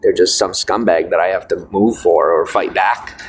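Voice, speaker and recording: A fairly low-voiced young man rambles to his viewers, stopping and restarting with lots of fillers. He sounds preachy and defiant, and faint street noise runs under him. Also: steady tone, normal speed, poor audio.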